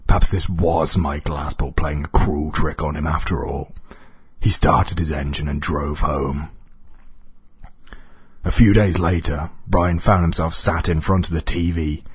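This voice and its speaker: Deadpan husky storyteller. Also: male voice, extremely low pitch, a little slow, no room sound. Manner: deadpan, dry understatement. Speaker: narrator.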